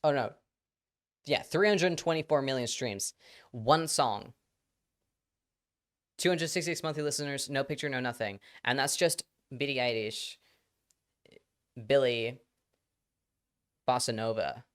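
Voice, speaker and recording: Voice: mid-range voice, moderate pace, pauses often. A live streamer casually telling a rambling anecdote to the audience, full of fillers and quoted voices.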